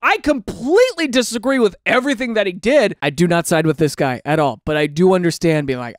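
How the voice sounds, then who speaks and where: A man's voice: sits high, a little fast, dry recording. Comedy guy ranting about online posts, super bouncy voice, dry close sound. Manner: animated, ranting, mock-exasperated; drops into silly quoted voices. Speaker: comedy commentator. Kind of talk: reacting to online posts, comic commentary.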